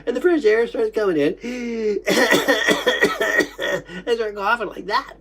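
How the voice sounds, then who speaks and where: Coughing woman recalling a memory. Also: fairly high pitch. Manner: halting, repetitive, interrupted by coughing. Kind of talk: recounting a memory aloud.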